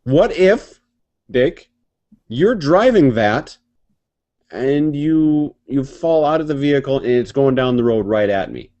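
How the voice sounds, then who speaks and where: A man telling stories in a casual, profane, animated chat, laughing often. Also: mid-range voice, takes it slowly, muffled recording. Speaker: podcast co-host.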